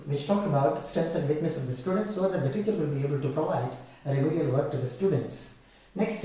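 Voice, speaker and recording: A man takes a class through exam questions, going back over each key term. His voice sits a little high and has a mellow tone. He is heard from some distance in a very echoey room. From India. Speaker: English teacher. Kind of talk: exam-prep lecture.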